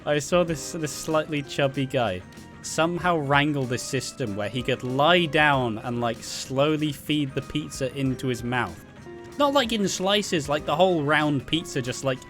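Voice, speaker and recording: A man's voice: medium pitch, a bit bright. A young man with a Welsh accent telling rambling, sweary anecdotes, laughing as he goes. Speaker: vlogger. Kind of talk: casual storytelling.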